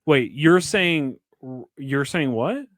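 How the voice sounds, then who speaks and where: A man co-hosting a movie-review podcast, chatting casually in an animated, rambling way and swearing often while he jokes. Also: mid-range voice, slow, no room sound. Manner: animated, rambling, profane and joking. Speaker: podcast co-host.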